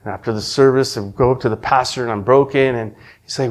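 A middle-aged man telling his personal faith testimony, earnest and emotional, often restarting his sentences and dropping from loud to hushed. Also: mid-range voice, fairly even intonation, quick pace. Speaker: testimony speaker.

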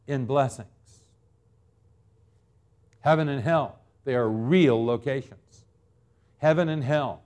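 A man in his fifties preaching a sermon as pastor, swinging between loud emphatic lines and quiet ones, stretching out key words. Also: mid-range voice. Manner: drawn-out, deliberate phrasing on key words.

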